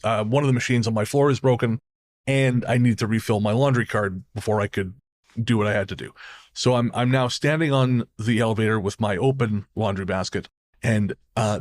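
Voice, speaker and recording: A man from Canada co-hosting a podcast, chatting casually, telling stories with laughs and the odd swear. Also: on the low side. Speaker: podcast co-host. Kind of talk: casual chat.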